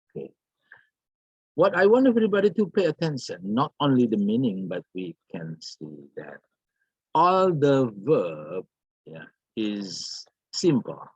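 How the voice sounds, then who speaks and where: A man teaching an English grammar lesson, slowly repeating words and examples with many fillers. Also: low voice, sing-song, darkish tone, breathy edge, no room sound. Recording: dull, lo-fi.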